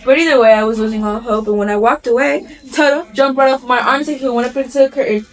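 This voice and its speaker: Bright high-voiced woman telling a story. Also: quick pace, rough recording. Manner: lively, acting out the lines of characters. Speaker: vlogger. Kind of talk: animated storytelling.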